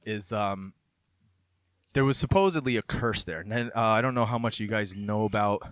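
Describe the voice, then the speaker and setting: A man's voice: on the low side, moderate pace, dry recording. A man hosting a casual chat, telling a local legend in a loose conversational way and reading passages aloud.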